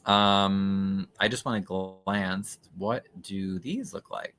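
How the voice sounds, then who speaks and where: A man's voice: sits low, fairly even intonation, takes it slowly, a bit bright. A man hosting a casual livestream, commenting skeptically and chattily on documents he reads aloud, with frequent fillers. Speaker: livestream host.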